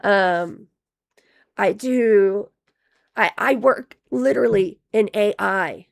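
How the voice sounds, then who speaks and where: A woman live-streams casual commentary, reading donations aloud in a rambling, profane way full of restarts. Her medium-pitched voice is slow and gravelly, and it's wearing thin as she loses it.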